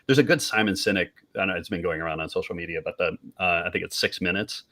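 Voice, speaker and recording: A male host leads a casual live panel conversation. His voice is very deep yet bright and crisp in tone. He chats conversationally and backs his guests up with frequent affirmations. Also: fast.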